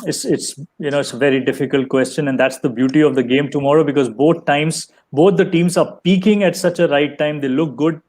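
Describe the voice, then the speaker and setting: Measured man weighing up a cricket match. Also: on the high side, fairly even intonation, a little mellow. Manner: measured, leans on "you know". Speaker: cricket panelist. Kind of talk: casual cricket chat.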